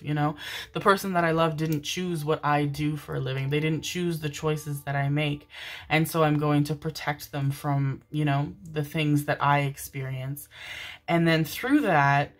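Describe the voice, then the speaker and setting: A woman's voice: low voice, fairly even intonation, a little slow, soft background music. A woman giving a casual tarot reading, chatty and affectionate, swearing freely as she goes. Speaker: tarot reader.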